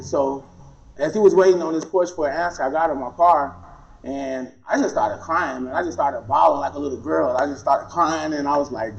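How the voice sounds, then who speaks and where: A guest speaker shares his personal testimony in a slightly high, gravelly male voice at a normal pace, telling his story with animation and acting out what other people said. The lo-fi recording sounds dull.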